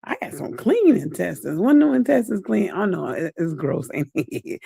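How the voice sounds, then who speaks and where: A woman's voice: fairly low pitch, sing-song, normal speed, gravelly, hardly any pauses, mellow, breathy edge, no echo, clean studio sound. A woman hosting a casual livestream update, chatting at length with her viewers and calling them y'all and baby. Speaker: livestream host. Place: at home.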